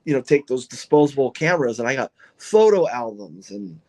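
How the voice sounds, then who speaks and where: A man who owns and drives a funny car, telling stories in an excited, rambling way with lots of restarts on a podcast. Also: mid-range voice, brisk. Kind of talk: podcast interview, casual storytelling.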